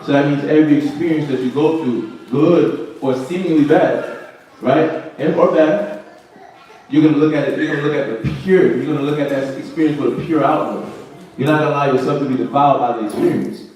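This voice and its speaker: A man's voice: medium pitch, a little fast, darkish tone. A man teaching a Bible class, explaining verses in a casual preaching manner with slang. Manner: conversational preaching with slang and acted-out quotes. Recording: echoey room, distant mic.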